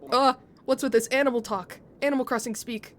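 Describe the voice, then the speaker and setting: A woman's voice: fairly high pitch, steady tone, a little fast. A woman streamer reading a game's story aloud to her chat, chatty and laughing as she muses over pronunciations.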